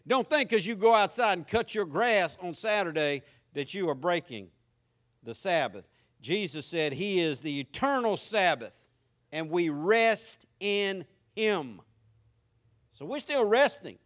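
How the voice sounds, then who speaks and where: A man's voice: high voice, fairly bright tone. A man with a Southern US accent preaching a sermon, folksy and emphatic. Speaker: pastor.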